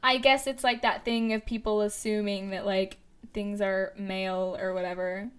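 A young woman chatting casually about books, talking quickly with lots of fillers and laughter. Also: medium pitch, level tone, clean tone. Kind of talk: casual book discussion chat.

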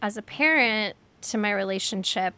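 A woman's voice: medium pitch, normal speed, bright, forceful tone, smooth. A woman in her thirties, a podcast guest, chatting candidly and telling stories with quoted voices. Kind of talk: casual chat.

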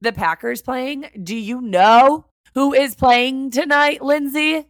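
A woman's voice: high-pitched, takes it slowly, no room sound, studio quality. A woman from Wisconsin co-hosting a casual chat, teasing and acting out goofy little voices. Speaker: podcast co-host.

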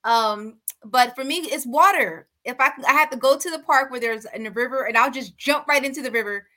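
A woman coach speaks earnestly about her own experience, in a personal, open way. Her voice is bright and sharp and sits a little high. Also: a little fast. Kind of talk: panel chat.

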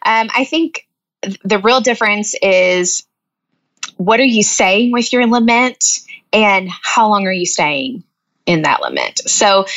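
A woman's voice: medium pitch, fairly bright tone, lo-fi sound. A woman author as a guest, explaining with earnest, thoughtful talk and light laughs. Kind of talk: faith-based podcast interview.

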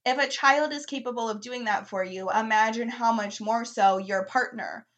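A young woman co-hosting a casual podcast, her voice sitting a little high. She speaks candidly about her own life and laughs easily between points. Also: moderate pace, a bit bright. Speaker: podcast co-host.

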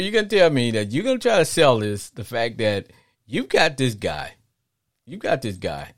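Man, middle-aged, sports podcast host, animated and rambling, lively swooping pitch, dry close sound. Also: dry recording. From Arkansas. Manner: animated, rambling with frequent restarts. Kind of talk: call-in sports talk.

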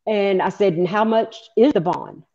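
A woman's voice: mid-range voice, moderate pace, mellow, highs cut off. A woman being interviewed as the mother of a victim, speaking bluntly and angrily with plenty of swearing. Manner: blunt, angry, profane. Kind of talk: interview, recounting events.

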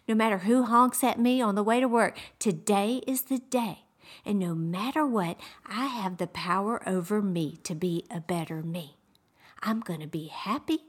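A woman hosting a faith-based inspirational podcast, speaking in an upbeat, encouraging way with soft whispered asides. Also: medium pitch. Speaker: podcast host. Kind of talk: inspirational devotional talk.

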